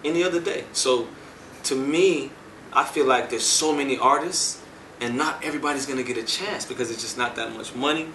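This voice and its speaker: Bright-toned man, echoey room. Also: medium pitch, brisk, a little hiss or hum. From United States. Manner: animated, acts out quoted dialogue. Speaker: music producer. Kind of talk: storytelling interview answers. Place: indoor entertainment venue. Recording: echoey room, mic at a distance.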